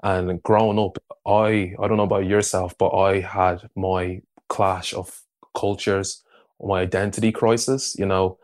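A man's voice: sits low, little pitch movement, measured pace, darkish tone. A man hosting a podcast, talking in a reflective, earnest way. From Ireland. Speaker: podcast host. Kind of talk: casual podcast interview.

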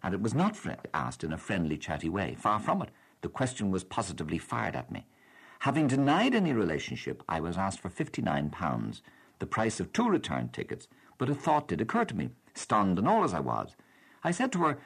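Deep husky Irish radio host. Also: male voice, fairly quick. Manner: wry, reads letters with lively expressive delivery. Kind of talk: reading out listener letters and replying. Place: radio studio.

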